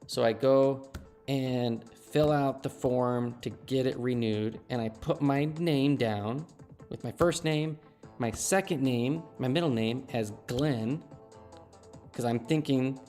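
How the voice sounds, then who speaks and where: A man's voice: mid-range voice, takes it slowly, darkish tone, faint music behind. A man in his thirties chatting casually on a game live stream, telling a story and laughing at himself. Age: 30s.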